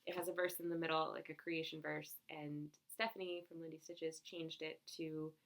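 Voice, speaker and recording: Giggly woman with a gravelly low voice. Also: level tone, normal speed, fairly bright tone. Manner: chatty and giggly, rambling with fillers. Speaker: cross-stitch vlogger. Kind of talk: casual chat.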